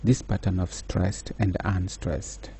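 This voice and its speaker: A man giving a slow, measured lecture, pausing often with fillers. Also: low voice, fairly even intonation, mellow, slight background noise. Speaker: teacher. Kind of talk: recorded lecture.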